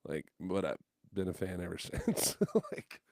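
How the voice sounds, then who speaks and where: Guy telling a wild story, acts out the voices, swears a lot, lowish voice, dry close mic. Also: measured pace, no room sound. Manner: animated storyteller, acts out quotes, swears casually. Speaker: guest musician. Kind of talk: casual chat.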